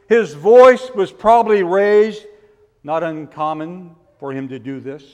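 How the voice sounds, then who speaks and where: A man preaching a sermon, asking rhetorical questions and building to forceful emphasis. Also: sits high, slow pace, in a large hall. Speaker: pastor.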